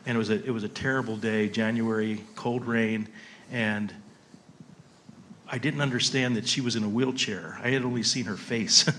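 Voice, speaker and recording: A man moderating a ministry panel and telling stories in a relaxed, anecdotal way. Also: fairly low pitch, moderate pace, a little hiss or hum. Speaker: panel moderator, rescue mission worker. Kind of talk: panel discussion.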